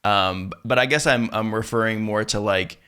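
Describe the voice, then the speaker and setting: A man's voice: lowish voice, moderate pace, clean tone. A man hosting an interview, chatting casually and loosely with lots of "like", sometimes acting out quotes. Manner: relaxed and chatty, many "like" fillers, acts out quotes. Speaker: interview host.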